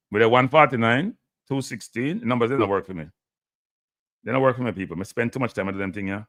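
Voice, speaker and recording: A man's voice: on the low side, fairly bright tone, dry recording, studio quality. A Jamaican man hosting a live stream, annoyed and pleading with his viewers. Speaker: live show host.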